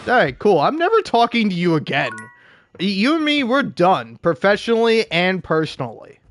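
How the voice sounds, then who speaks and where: A man's voice: high-pitched, wildly swooping pitch, normal speed, soft background music. A man giving profane, ranting gameplay commentary, often laughing at his own jokes. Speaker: gameplay streamer.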